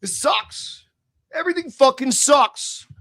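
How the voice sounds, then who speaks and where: A tipsy man hosting a live stream, ranting and swearing, swinging between low mutters and shouted outbursts. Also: lively intonation, slow, creaky, no room sound. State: tipsy from beer. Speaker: livestream host. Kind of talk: profane live-stream rant.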